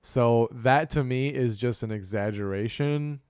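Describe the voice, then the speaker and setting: A man co-hosting a casual video game podcast, swearing freely and acting out the shouting gamers he tells about. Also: mid-range voice, unhurried, smooth, no room sound, studio quality. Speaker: podcast co-host. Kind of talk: casual chat.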